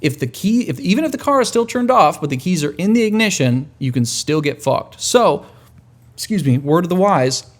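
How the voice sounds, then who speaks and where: A man hosting a podcast in a casual monologue, rambling and profane with wry, dark humor. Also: on the high side, lively intonation, moderate pace. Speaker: podcast host.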